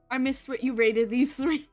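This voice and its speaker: A woman hosting a casual stream, joking around and laughing often. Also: high voice. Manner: giggly, joking, frequent laughter. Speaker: streamer host.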